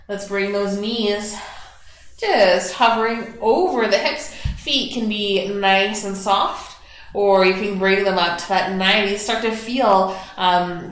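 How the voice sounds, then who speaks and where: Soft-spoken yoga teacher woman in echoey room. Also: medium pitch. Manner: soft, slow guiding cues with gentle encouragement. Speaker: yoga instructor. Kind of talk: guided yoga class.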